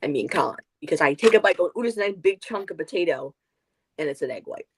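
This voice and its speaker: A woman with a fairly low voice chats casually on a book club livestream over a video call. She talks in animated, rambling bursts and wanders off track. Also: quick pace, slight background noise. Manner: animated, rambling, goes off on tangents.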